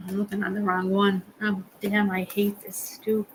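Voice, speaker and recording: A woman's voice: mid-range voice, monotone, moderate pace, a little hiss or hum, poor audio. A woman hosting a live stream, chatting casually with viewers in a rambling way and laughing often. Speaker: livestream host.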